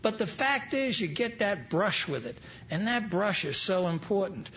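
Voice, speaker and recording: A man's voice: high voice, lively intonation, moderate pace, a bit bright, slight background noise. An older man from New York speaking at a recovery meeting, telling stories with humorous, wry asides. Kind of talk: storytelling talk to an audience. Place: large event hall. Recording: dull lo-fi live recording.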